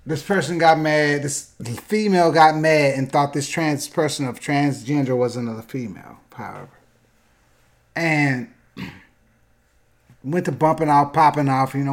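A man tells a story in casual chat. He is animated and bursts into loud acted-out quotes. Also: a little high, measured pace, pauses often. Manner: animated, acts out quoted voices loudly.

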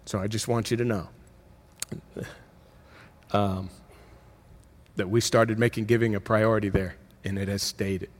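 A middle-aged man, a pastor, preaching a sermon in a conversational way, with emphatic rises and quick self-corrections. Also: fairly low pitch, flat delivery.

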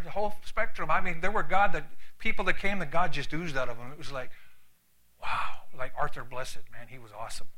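An older man from Canada preaching a sermon, emphatic and storytelling, with sudden drops to a hush. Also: sits high, low-quality recording.

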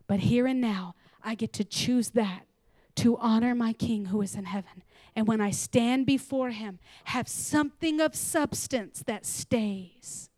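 A woman preaching a sermon to a church, animated and laughing, sometimes dropping into whispers. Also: fairly high pitch, a little slow, no echo, studio quality.

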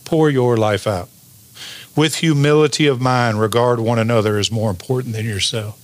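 A man delivers a sermon at a mid pitch. He works his congregation with call-and-response and draws his important lines out slowly. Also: fairly even intonation. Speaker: pastor.

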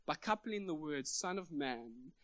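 A man's voice: fairly high pitch, lively intonation, measured pace, a bit bright, dry recording. A man preaching a sermon at a church meeting, emphatic and building up to big points.

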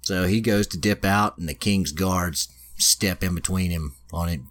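A man's voice: deep voice, unhurried, fairly bright tone, slight background noise. A man on a podcast, casually retelling an anime plot in a loose, profane way. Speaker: podcast host.

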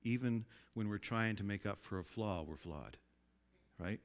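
Speaking a little slowly, this male pastor delivers his sermon in a conversational style. He frequently seeks the congregation's agreement and lowers his voice to a soft hush for emphasis.

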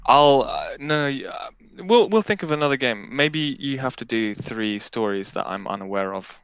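A man co-hosting a podcast in casual chat, his pitch swinging lively and his voice smooth and resonant. He jokes and teases freely. The recording is dry and a little dull, with a lo-fi sound. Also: normal speed, dry recording. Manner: playful, joking banter. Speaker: podcast co-host.

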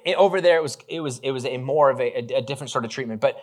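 Racing along in a mid-range voice, a male pastor delivers a casual, conversational sermon, trading jokes with the congregation and peppering his speech with fillers and false starts.

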